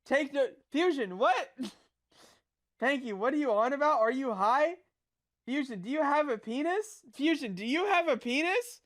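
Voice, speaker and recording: A man's voice: very high-pitched, lively intonation, measured pace, a bit bright. A young man streaming as a VTuber, chatting casually with viewers in a rambling, crude, flustered way full of fillers.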